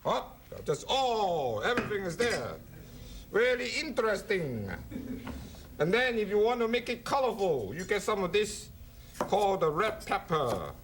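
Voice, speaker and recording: A man's voice: sits high, very animated, a little slow. A man hosting a cooking show, joking and chatting playfully while he demonstrates. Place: studio kitchen. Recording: kitchen clatter and chopping noise.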